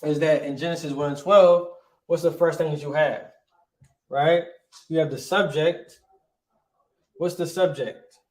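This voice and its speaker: Brief: male teacher, slightly higher voice, casual, peppers with "right?", echoey room. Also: steady tone. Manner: casual, says "right?" constantly, sounds out words slowly. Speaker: Hebrew teacher. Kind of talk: online language class.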